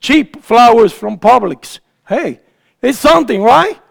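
Gravelly high-voiced male preacher. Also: expressive, unhurried. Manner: asks the congregation questions, folksy and teasing. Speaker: pastor. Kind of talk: conversational sermon.

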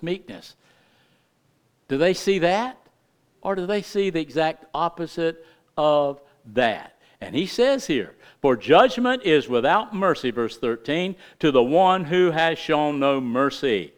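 A middle-aged male pastor preaching a sermon with impassioned emphasis, his delivery swinging between loud, rising lines and hushed, quiet ones. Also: on the high side.

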